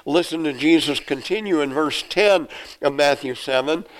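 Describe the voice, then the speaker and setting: A man's voice: fairly high pitch, moderate pace, slight background noise, rough recording. A man preaching an expository sermon, reading scripture aloud and explaining it verse by verse. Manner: acts out the questioners' lines in a raised voice.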